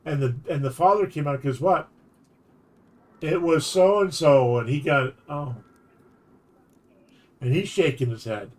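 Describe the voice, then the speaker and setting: A man's voice: fairly high pitch, unhurried, long pauses. A man streaming while telling a long anecdote in a casual, rambling way, often restarting his sentences. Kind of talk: casual storytelling chat.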